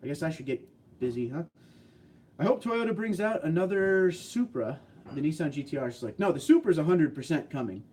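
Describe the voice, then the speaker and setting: A man's voice: on the high side, very animated, fairly quick, a little mellow. A man hosting a casual livestream, reading out chat messages in a laid-back way, tired from little sleep but upbeat and chuckling often. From New Jersey, US. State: short on sleep.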